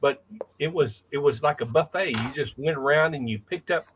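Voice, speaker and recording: A man's voice: a little high, moderate pace, noisy background. A man chatting casually on a stream, telling a rambling story in an easygoing way. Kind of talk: casual chat.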